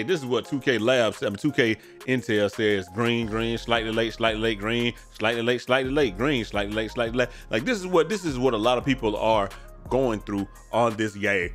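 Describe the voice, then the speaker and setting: A man chatting casually as a gaming streamer, tired and yawning, with loose slangy talk full of "man" and "bro". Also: fairly low pitch. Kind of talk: casual commentary on viewer messages. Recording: faint music behind.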